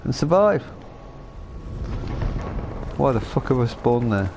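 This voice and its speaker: A man's voice: medium pitch, big pitch swings, takes it slowly, creaky, noisy background. A man giving casual, joking commentary while playing a game on a live stream. He swears often and mumbles past a cigar in his mouth.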